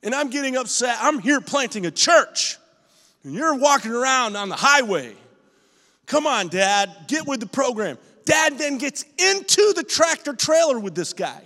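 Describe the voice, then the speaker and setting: A man pastor preaching a lively sermon in a church auditorium, telling stories with emphasis and rising to shouts. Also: extremely high pitch, moderate pace, long reverb tail. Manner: emphatic, storytelling, rises to shouts.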